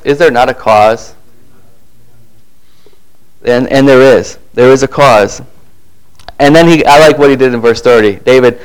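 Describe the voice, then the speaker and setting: A man preaching a sermon who reads scripture aloud and acts out the figures in lively asides, often repeating words and restarting. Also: medium pitch, clean tone, rough recording.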